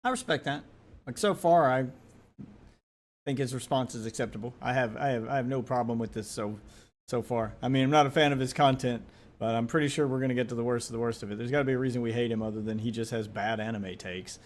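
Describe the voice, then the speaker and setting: An American man giving casual reaction commentary, blunt, sarcastic and quick to swear. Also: medium pitch. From United States.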